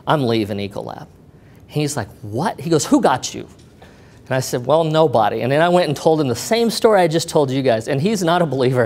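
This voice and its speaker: A middle-aged man telling a personal story to an audience, acting out the voices of the people in it. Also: mid-range voice. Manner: animated, acts out the voices of others in the story. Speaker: speaker sharing a testimony.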